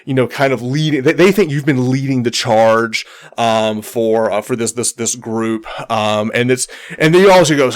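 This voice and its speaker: A man with a mid-range voice narrates as game master of a tabletop game, speaking in halting runs full of ums and restarts.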